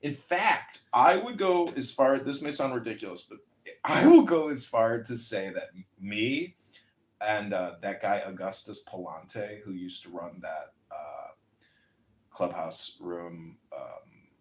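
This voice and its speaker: Lowish-voiced guy rambling, bragging a lot, echoey sound. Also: lively intonation, slow. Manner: boastful, rambling. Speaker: audio chat room speaker. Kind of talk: casual chat.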